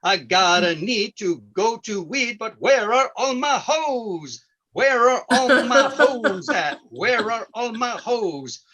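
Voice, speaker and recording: A man doing a character bit as a folksy, goofy old farm-show host with a corny, drawn-out delivery and chuckling "ho ho ho"s. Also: extremely high pitch, lively intonation, pushed and bright, pitched above the performer's own voice, exaggerated voice. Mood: folksy cheerful. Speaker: stand-up comedian.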